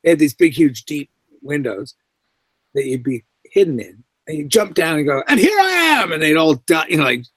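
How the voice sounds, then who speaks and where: A man's voice: on the high side, moderate pace, husky, no room sound. A middle-aged man, a guest actor, telling anecdotes in an interview and acting out the voices he quotes. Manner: animated storyteller who acts out quoted voices.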